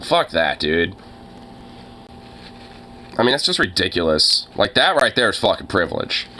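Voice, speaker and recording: A man's voice: deep voice, sing-song, measured pace, pushed and bright, slight background noise. A young man ranting casually, with lots of fillers and swearing, sounding exasperated. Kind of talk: casual profane rant.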